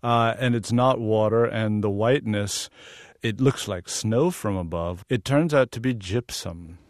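A man from the American South with a fairly low voice, speaking as a guest in a radio interview. He explains his work earnestly and laughs easily. The sound is dry and close, with no room echo. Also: a little slow. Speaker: guest photographer.

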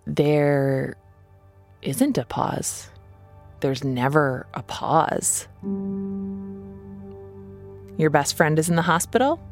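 A woman's voice: deep voice, animated, very slow, long pauses. A woman podcast host giving blunt, wry scripted narration. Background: music.

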